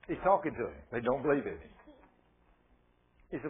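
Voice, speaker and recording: A man's voice: medium pitch, wildly swooping pitch, a little fast, pauses often, breathy edge. A man preaching a sermon in a fervent, folksy way, acting out the people in his stories. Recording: tinny phone-like sermon recording.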